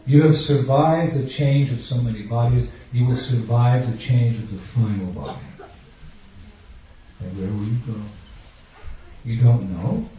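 Speaking at a measured pace with long pauses, this medium-pitched man is heard over a noisy background. As a spiritual teacher preaching to an audience in a large room, he's emphatic and questioning, voicing everyday scenes in different characters. The hall recording is dull and echoey, with the mic far away.

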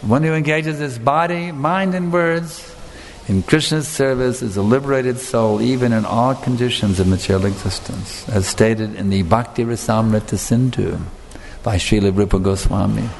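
A man's voice: medium pitch, normal speed, vocal fry, a little hiss or hum. A man giving an earnest devotional lecture, stressing points and putting questions to his listeners. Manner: earnest, emphatic, asks the audience questions. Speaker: spiritual teacher. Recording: long hall reverb, faint room ambience.

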